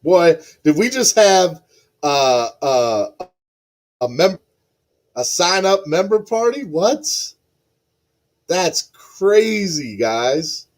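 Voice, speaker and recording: Excitable podcast host, slow and high. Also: male voice. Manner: excitable, repeats phrases, reads chat aloud. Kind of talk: live-stream podcast chat.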